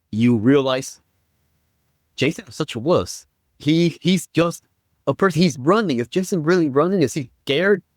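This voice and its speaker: A man as a guest on a film podcast, explaining step by step and building up to excited quoted lines. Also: medium pitch, dry recording, clean studio sound. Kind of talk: casual film review chat.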